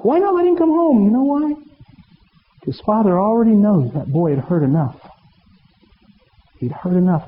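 Animated male pastor in an echoing hall. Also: high-pitched. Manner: animated, acts out dialogue with humor. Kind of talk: storytelling sermon. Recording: reverberant hall, muffled with faint noise.

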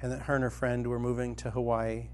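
A middle-aged man preaching a sermon, telling a personal story and retelling a parable, rising to loud excitement in the vivid parts and dropping soft in the tender ones. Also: fast, a little hiss or hum. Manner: storytelling, grows animated and loud when dramatizing, soft and low when tender.

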